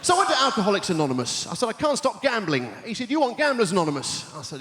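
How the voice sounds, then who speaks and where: High, lively man firing off one-liners. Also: big-room sound, heavy background noise. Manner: rapid-fire punning one-liners, deadpan setups. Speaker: stand-up comedian. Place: large theatre stage before a live audience.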